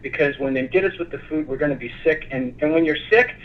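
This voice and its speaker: A man appearing as a guest on a talk show, speaking in a passionate, animated way. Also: a little high, quick pace, muffled recording. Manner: passionate, animated, lively storytelling.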